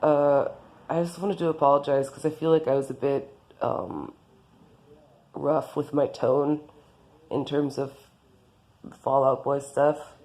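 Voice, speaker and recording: A woman's voice: low voice, steady tone, takes it slowly, pauses often, dark tone. A woman voicing a friendly, laid-back young man who shrugs off an apology. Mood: easygoing.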